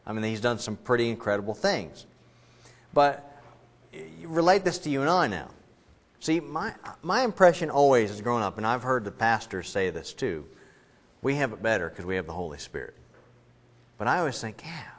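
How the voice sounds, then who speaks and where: A man preaching a sermon as a pastor, conversational and joking as he retells the story. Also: medium pitch.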